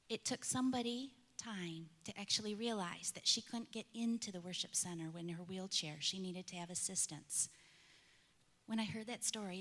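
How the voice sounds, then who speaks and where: A woman speaking slowly and earnestly to her congregation at a church meeting. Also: medium pitch, fairly bright tone. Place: large church sanctuary. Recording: echoey hall, long reverb.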